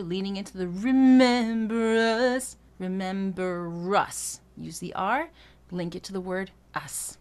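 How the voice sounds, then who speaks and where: A woman's voice: medium pitch, moderate pace. A woman vocal coach giving a singing lesson, explaining technique in a casual way and breaking into short sung phrases to demonstrate. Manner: casual, thinks aloud with fillers.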